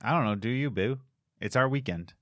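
A man's voice: mid-range voice, fairly quick, no room sound, clean studio sound. A man co-hosting a podcast in casual chat, joking and teasing. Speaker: podcast co-host.

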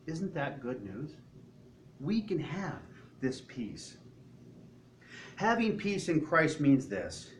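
A man's voice: a little high, big pitch swings, slow pace, pauses often, slight background noise. A man preaching a sermon to his congregation in a church, in a conversational way, asking rhetorical questions. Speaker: pastor.

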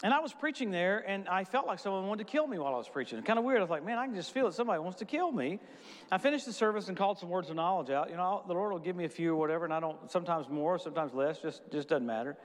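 A middle-aged man preaching a sermon, telling testimonies in a casual storytelling way with quick asides. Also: high voice, expressive. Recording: long hall reverb.

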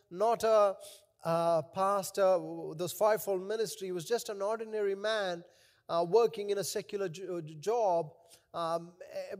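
A man's voice: sits high, darkish tone. A male pastor preaching and praying in an emotional, prayerful way, repeating his phrases. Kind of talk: sermon with prayer.

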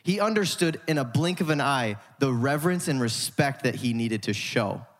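A male pastor delivers a sermon with emphatic, dramatic pacing and pauses. His voice sits in a middle register. The sound carries a long reverb from a large church space. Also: mid-range voice, expressive. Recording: hall reverb.

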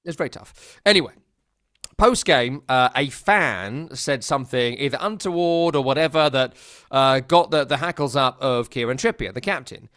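Brief: male podcast co-host, mid pitch, wry storyteller, dry booth sound. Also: expressive, normal speed, fairly bright tone, dry recording. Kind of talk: casual football chat.

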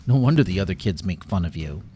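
A smug, dismissive town guard from a children's story who talks down to a little girl and stumbles over awkward words, voiced by a male narrator. The voice sits close to an ordinary adult man's, mellow and lively in pitch. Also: quick pace, slight background noise. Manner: hesitant and patronizing.

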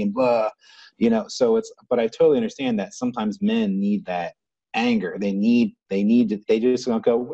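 A man's voice: lowish voice, brisk, mellow, no echo, highs cut off. An American man talking through his views in a loose, reflective way, with many restarts and fillers. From United States. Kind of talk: casual conversation.

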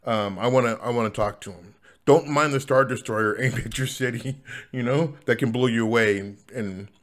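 A man's voice: mid-range voice, moderate pace, natural voice. A man paraphrasing a menacing male space villain in a laid-back, rambling way, close to his own voice. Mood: offhand.

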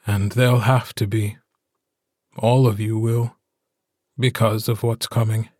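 Man doing a calm gentle alpha wolf husband, slow and husky, dry sound. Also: lowish voice, no echo. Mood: somber. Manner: soft, slow and soothing. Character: gentle, steady male alpha werewolf, a dead husband.

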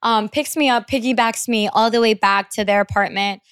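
A young woman chatting on a podcast in a fairly high voice, animated and blunt. She swears freely and laughs through her stories. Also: normal speed, clean tone, dry recording, clean studio sound. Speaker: guest musician. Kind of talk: casual podcast chat.

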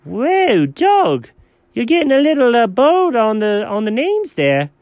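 A man voicing Jenkins, an excitable, easily baffled man who exclaims a lot. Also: very high voice, unhurried, no echo, clean studio sound, voice pushed up, exaggerated voice. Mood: indignant. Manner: exclaims, calls people dog.

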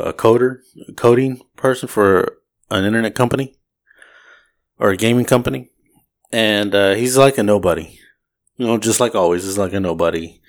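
A man with a fairly low voice talks through a film's plot in a loose, rambling way. He jumps between scenes and throws in quick bits of the characters' dialogue as he goes. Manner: rambling, acts out lines from scenes. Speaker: podcast co-host. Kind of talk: casual movie recap.

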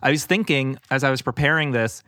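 Bright-voiced man in his forties, giggly. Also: mid-range voice, a little fast, no echo, clean studio sound. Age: 40s. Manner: giggly, rambling storyteller. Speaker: podcast co-host. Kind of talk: casual chat.

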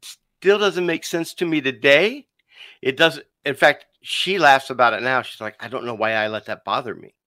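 A man on a podcast telling a personal story in a lively, conversational way, acting out the dialogue and calling the listener "dude.". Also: medium pitch, normal speed, no room sound. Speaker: podcast guest.

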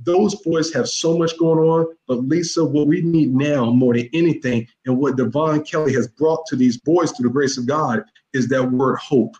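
A man's voice: a little high, fairly even intonation, moderate pace, few pauses, a little mellow, dull audio. Emphatic middle-aged man, echoey room. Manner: emphatic, repetitive, keeps addressing the host by name. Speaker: youth mentor guest. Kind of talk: casual interview talk.

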